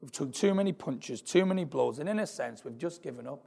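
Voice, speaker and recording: A man preaching an earnest, repetitive sermon in a church, his voice gravelly. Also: medium pitch, lively intonation, quick pace, darkish tone. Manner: earnest, repetitive, building in intensity. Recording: long hall reverb.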